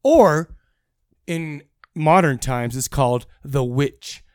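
A man's voice: a little high, slow pace, darkish tone, clean tone, dry recording, studio quality. A man hosting a podcast in casual comedic chat, rambling and joking and playfully trying not to swear. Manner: jokey, rambling, mock-censoring himself. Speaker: podcast host.

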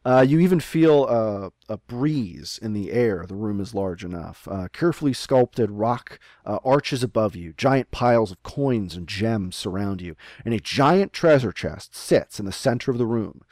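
A man's voice: on the low side, expressive, moderate pace, darkish tone, dry recording, studio quality. A man running a tabletop game as game master, narrating scenes with many ums and uhs over a remote call.

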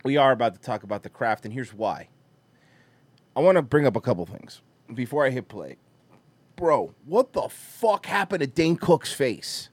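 A man's voice: medium pitch, big pitch swings, moderate pace, slightly rough, dry recording. A man co-hosting a podcast, joking in profane, teasing banter. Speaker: podcast co-host. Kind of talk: casual comedic banter.

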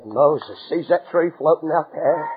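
A man preaching a sermon with fervent, dramatic storytelling that acts out the scenes and breaks into shouts. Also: a little high, normal speed, phone-quality sound.

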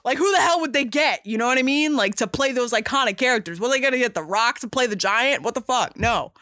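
A woman hosting a podcast in casual chat, talking in an animated, rambling way with many fillers and restarts, emphatic and swearing casually. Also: a little high, fast talker, no echo, clean studio sound. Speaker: podcast host.

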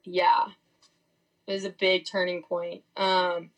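A woman's voice: lowish voice, monotone, slow pace, rough recording. A young woman speaking as a podcast guest, sharing a personal faith testimony in a candid, rambling way full of "like" fillers. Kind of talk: casual testimony.

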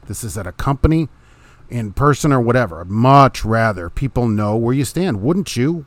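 A middle-aged man talks straight into a close mic in a dry home room, sounding blunt and opinionated. He speaks at an average pitch and keeps his delivery casual, with short laughs between his points. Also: animated, normal speed, dry recording. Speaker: podcast host, truck driver.

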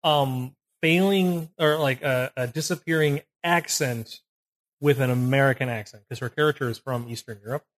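A young man co-hosting a podcast, easygoing and halting, often correcting himself mid-sentence. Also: mid-range voice. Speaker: podcast co-host. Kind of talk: casual chat.

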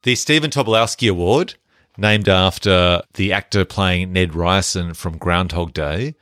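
A man's voice: deep voice, a little slow, smooth, no echo, clean studio sound. A man co-hosting a casual podcast chat about films and handing out mock awards. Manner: relaxed, conversational, hands out mock awards. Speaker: podcast co-host. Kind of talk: casual film-review chat.

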